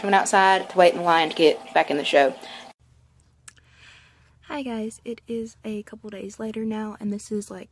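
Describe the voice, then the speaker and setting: A woman's voice: medium pitch, darkish tone, low-quality recording. A woman, telling a rambling story to camera at home with lots of fillers. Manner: rambling and chatty, with many fillers and restarts. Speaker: vlogger.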